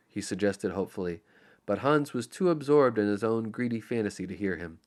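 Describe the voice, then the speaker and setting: A man narrating an audiobook in an expressive, storytelling manner. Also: fairly low pitch, brisk. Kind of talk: scripted narration.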